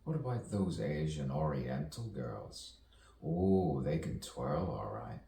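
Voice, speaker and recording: A man's voice: a bass voice, sing-song, slow pace, creaky, dark tone. A man performing an improvised stream-of-consciousness poem, rambling and repeating phrases in a chant-like way with chuckles. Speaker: spoken-word poet. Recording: echoey room, distant mic, faint noise.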